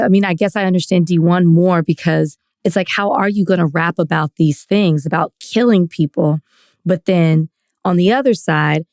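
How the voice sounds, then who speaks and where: A woman's voice: lowish voice, darkish tone, no room sound, clean studio sound. A woman co-hosting a casual podcast, reasoning aloud thoughtfully with some stammers. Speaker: podcast co-host.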